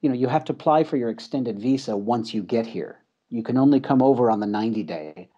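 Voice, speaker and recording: A man's voice: mid-range voice, quick pace, husky, muffled recording. An American man in his thirties or forties, a guest chatting casually in an interview, telling stories with chuckles and fillers. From United States. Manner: relaxed storyteller, chuckles often, many fillers.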